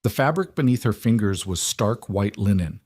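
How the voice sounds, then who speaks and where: A man with a fairly low voice narrating a period romance novel, close to the mic with a dry, deadened sound. His delivery is measured and dramatic, pacing the tension of the story. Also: expressive, darkish tone, slightly rough, dry recording. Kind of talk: audiobook narration.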